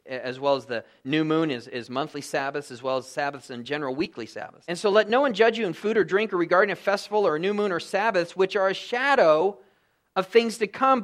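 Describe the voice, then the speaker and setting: Middle-aged male pastor, high voice, earnest sermon delivery, lots of rhetorical questions. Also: a bit bright.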